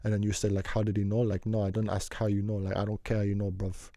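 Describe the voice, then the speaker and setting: A man's voice: fairly low pitch, flat delivery, fast talker, mellow, no room sound, studio quality. A young man telling a rambling, slang-heavy story in a casual vlog, often repeating and circling back. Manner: slangy, meandering, repeats himself.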